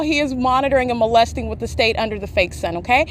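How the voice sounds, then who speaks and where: A woman podcaster giving live, insistent commentary outdoors by a street, with frequent filler sounds. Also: a little high. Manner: rapid, insistent talk with many filler sounds. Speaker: podcaster documenting in real time. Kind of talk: live self-recorded commentary. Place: outdoors beside a street, sitting in shade. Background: passing traffic and plane engines.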